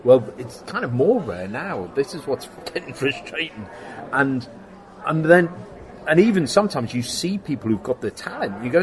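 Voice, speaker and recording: Animated middle-aged man telling work stories. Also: medium pitch, normal speed. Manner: animated storyteller, acts out quoted exchanges, laughs often. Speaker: guest, special effects workshop owner. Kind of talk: casual interview conversation.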